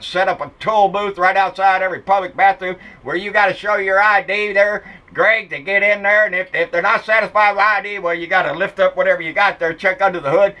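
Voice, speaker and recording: A man's voice: high-pitched, pushed and bright, rough recording. A middle-aged man, ranting about politics in a blunt, profane, mocking way. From Texas. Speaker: political vlogger.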